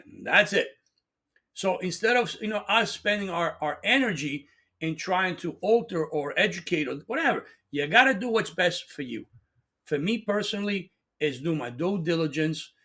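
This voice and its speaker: A middle-aged man hosting his own channel, giving an excitable opinion monologue full of restarts, asides and rhetorical questions. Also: fairly high pitch. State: coughing at times. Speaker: channel host.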